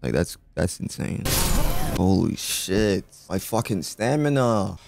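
Young man, low voice, gravelly, profane gameplay commentary, repetitive venting, headset mic. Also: animated, slow pace, background noise. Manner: swearing, repeating himself, venting at the boss. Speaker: gaming channel host. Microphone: gaming headset.

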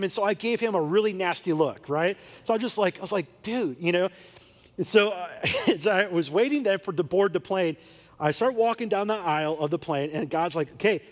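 Young man, pastor, storytelling sermon, acts out voices, high voice, long church reverb. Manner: animated, acts out dialogue in quoted voices. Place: church sanctuary.

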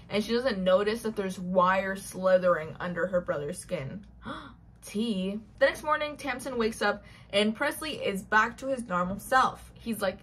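Young woman, chatty book-recap vlogger, slightly husky tone, middle-height voice, gushing delivery that acts out each character. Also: mid-range voice, normal speed, a bit bright. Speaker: book reviewer. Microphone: built-in mic.

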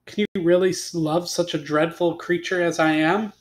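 A man voicing a gentle, humble male beast in a fairy tale read-aloud, in a soft, earnest way. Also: fairly high pitch, fairly even intonation, normal speed, lightly acted.

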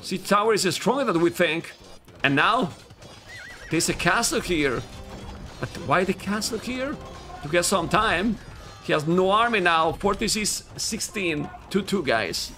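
A man with a Spanish accent, a native Spanish speaker, casting a strategy game live, excitable and talking straight to viewers. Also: high voice, unhurried, faint music behind. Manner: excitable, talks to viewers as guys, bursts into yelling at players. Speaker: esports caster.

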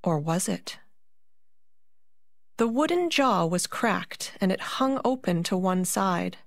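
Brief: unhurried woman storyteller, measured pauses, dry close sound. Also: medium pitch, animated, creaky, dry recording. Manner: slow, deliberate storytelling with dramatic pauses. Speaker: narrator and puppeteer. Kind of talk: storytelling narration for a concert.

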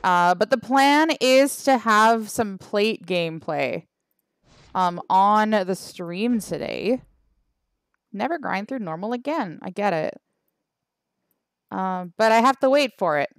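Slow-talking Canadian woman streamer, wry. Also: medium pitch, clean tone, no room sound, clean studio sound. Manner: chatty, wry, trails off with fillers. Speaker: game streamer. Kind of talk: casual livestream chat reading the chat.

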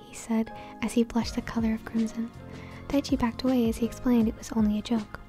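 A woman reading fanfiction aloud in a soft whisper, as a whispered role-play. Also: fairly high pitch, flat delivery, a little fast, few pauses, soft background music. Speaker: fanfiction reader.

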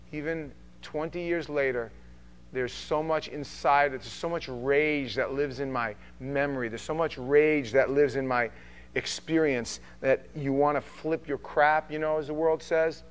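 A male pastor preaching an animated sermon, acting out conversations and swinging from quiet talk to shouting. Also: medium pitch, unhurried, smooth. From from an Italian Sicilian family.

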